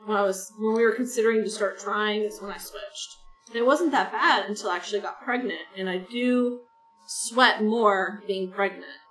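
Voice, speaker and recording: A woman's voice: mid-range voice, normal speed. A woman streaming a game, chatting in a rambling, casual way and talking to her viewers. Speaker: gaming streamer. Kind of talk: casual chat while playing a game. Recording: roomy, distant mic with soft game music.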